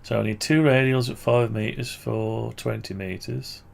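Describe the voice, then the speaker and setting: A British man speaks at a moderate pace in a steady, medium-pitched voice with vocal fry, with slight background noise. He casually screen-shares his amateur radio antenna project, thinking out loud and correcting himself as he goes.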